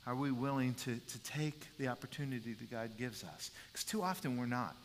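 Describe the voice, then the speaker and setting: A man preaching a sermon as a pastor, animated and repeating words as he builds his points. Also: mid-range voice, a little fast, slight background noise. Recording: long reverb in a large hall.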